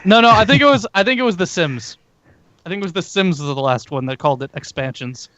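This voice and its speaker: A man's voice: high voice, lively intonation, fast talker, a bit bright, dry recording. A man chatting on a gaming podcast in a matter-of-fact way. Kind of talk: casual chat. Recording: dull dry lo-fi mic.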